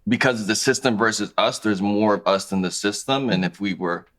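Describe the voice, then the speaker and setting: A man in his thirties, a podcast guest talking about his clothing brand in a relaxed, conversational way. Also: on the low side, brisk. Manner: relaxed, conversational, thinks aloud with restarts. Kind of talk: casual interview chat.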